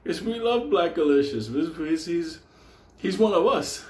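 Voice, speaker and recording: A man's voice: on the high side, lively intonation, slow pace, a little mellow, reverberant. A man telling a wild story in a rowdy, profane way, often laughing as he talks.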